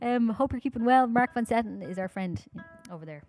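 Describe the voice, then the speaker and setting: A woman from Ireland with a Dublin accent, chatting quickly and informally with her audience between songs at a live-streamed concert. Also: on the high side, expressive, darkish tone, soft background music. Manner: talks fast, chatty and informal, with many fillers.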